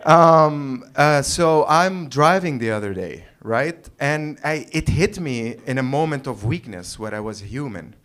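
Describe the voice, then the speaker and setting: A man doing a stand-up set on a comedy club stage, rambling and halting, restarting lines and chuckling at his own jokes. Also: mid-range voice, fairly bright tone. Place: comedy club stage before a live audience.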